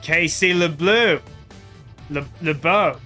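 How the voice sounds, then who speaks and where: A man's voice: on the high side, takes it slowly, sharp tone, faint music behind. A man voicing a flamboyant male hair and makeup artist in a put-on Australian accent, theatrical and tripping over his own words, for a video game. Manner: theatrical, self-correcting.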